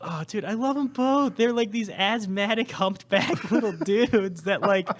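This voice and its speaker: A man's voice: high voice, measured pace. A man co-hosting a podcast in casual comedic chat, rambling with lots of fillers and laughter. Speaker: podcast co-host.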